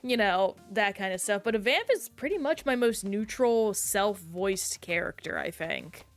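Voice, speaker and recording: A woman streamer in casual, chatty conversation while playing a game, reacting aloud in an animated way. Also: mid-range voice, measured pace, soft background music. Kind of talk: casual gameplay chat.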